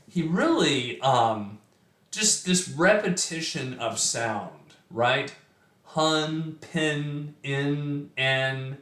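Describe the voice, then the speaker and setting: A man talks slowly through a poem in a casual lesson, stopping often with fillers and restarting his sentences. His voice sits at a middle pitch. The recording has a roomy echo around it. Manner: relaxed, thinking aloud with fillers and restarts. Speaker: poetry teacher. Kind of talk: informal poetry lecture.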